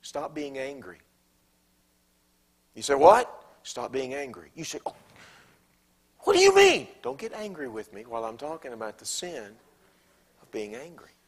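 A Southern American pastor preaching a sermon in a church, swinging from loud, emphatic lines to hushed, near-whispered quotes. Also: male voice, medium pitch, expressive, normal speed, pauses often. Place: church sanctuary.

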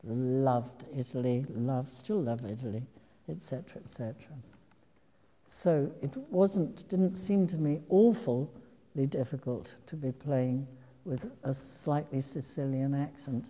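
A woman's voice: rumbling low, unhurried, warm tone. An older woman, an actress, telling meandering, reflective stories to an audience during a public talk. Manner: meandering, reflective storytelling with restarts. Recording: long hall reverb.

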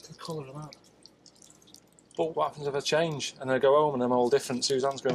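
A man giving deadpan, complaining travel commentary, sounding weary and self-deprecating. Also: mid-range voice, brisk, a little hiss or hum, rough recording. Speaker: travel show subject.

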